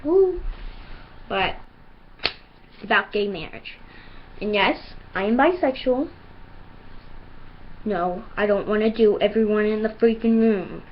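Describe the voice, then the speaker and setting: A woman's voice: medium pitch, measured pace, long pauses. Brief: earnest woman vlogger ranting, dull lo-fi recording with faint hiss. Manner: earnest, emphatic. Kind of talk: video rant.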